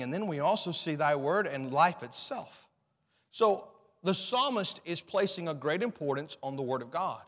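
A middle-aged male preacher with a high-pitched voice delivers an impassioned sermon. He rises to loud, emphatic peaks, sinks into soft, low passages, and reads scripture in slow, drawn-out phrases. His voice carries a long reverb, as in a church hall.

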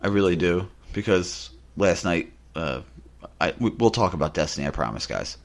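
A man with a low, deep voice chats casually on a podcast. He spins animated anecdotes and slips into the voices of the people in them. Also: moderate pace. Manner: animated, acts out quotes in his anecdotes. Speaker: podcast co-host. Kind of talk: casual storytelling chat.

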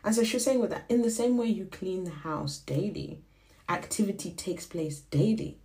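A young woman whose first language is Shona hosts a podcast, telling a faith reflection in a casual, animated way and acting out the voices she quotes. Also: low-pitched, gravelly. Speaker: podcast host.

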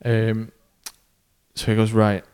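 A man's voice: lowish voice, completely flat delivery, takes it slowly, a little mellow, clear, resonant tone. Man telling a story with building suspense. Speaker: podcast host. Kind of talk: casual storytelling.

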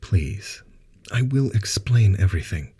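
A man voicing an elderly male scientist in an audiobook, speaking with measured, buttery gravitas. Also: on the low side, lively intonation, dark tone, slightly rough, voice pushed up, exaggerated voice. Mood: regal.

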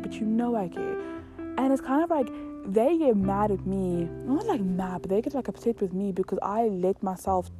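Young woman, casual confessional podcast host, frank and sweary, clear guitar music underneath. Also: mid-range voice. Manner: candid, swears freely, lots of "like" fillers. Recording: guitar music playing behind.

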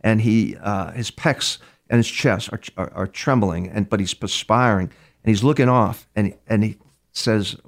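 Gravelly low-voiced man telling case stories. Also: unhurried. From New York. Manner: rambling, with frequent restarts and repeated words; acts out other speakers' words inside his stories. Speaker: criminal profiler, guest. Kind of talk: storytelling in a conversational interview.

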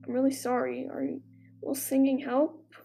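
A kind teenage boy asks gently after a friend, full of concern, as a woman reads him aloud. His voice is high with a gravelly edge, and faint music plays behind this storybook telling. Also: level tone, normal speed.

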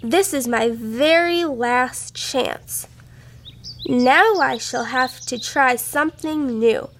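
A woman voicing a cheerful little girl in a storybook read-aloud, speaking brightly and eagerly. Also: slow, a little hiss or hum, exaggerated voice. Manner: bright, eager, high-pitched.

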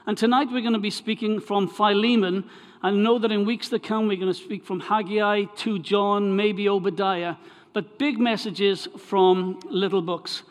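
Speaking at a normal pace with a high voice and fairly even intonation, a Welsh preacher chats to his congregation, restarting phrases, before reading scripture aloud. The recording has long hall reverb, and the talk is a sermon introduction plus a scripture reading.

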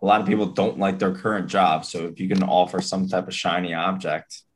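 A man's voice: low-pitched, little pitch movement, a little fast. A man hosting a casual podcast, laid-back and wry as he chats with his co-hosts. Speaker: podcast co-host. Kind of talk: casual chat.

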